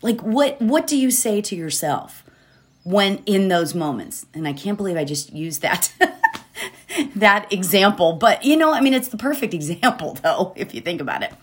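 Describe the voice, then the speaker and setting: A woman's voice: medium pitch, expressive, moderate pace. A woman hosting a positivity podcast, talking casually and rambling a bit, often checking in with "right?" and laughing. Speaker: podcast host. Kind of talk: casual motivational podcast talk.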